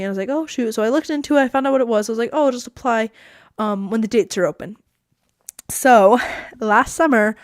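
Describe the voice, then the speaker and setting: A teenage girl hosts a podcast, telling a story in a bubbly, chatty way and saying "like" constantly. Her medium-pitched, slightly mellow voice sounds clean and studio-like with no room sound, though her podcast mic cuts out.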